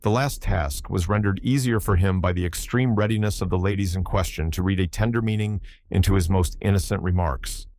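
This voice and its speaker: Low-voiced male audiobook narrator. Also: fairly quick, few pauses, darkish tone, no room sound, studio quality.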